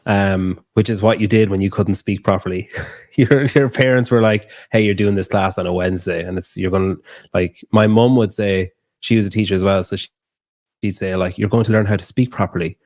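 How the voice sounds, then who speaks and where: A man's voice: low-pitched, steady tone, normal speed, darkish tone, no room sound, studio quality. A young Irish man chatting casually, rambling and swearing freely, laughing often. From Ireland. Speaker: guest. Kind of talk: casual chat.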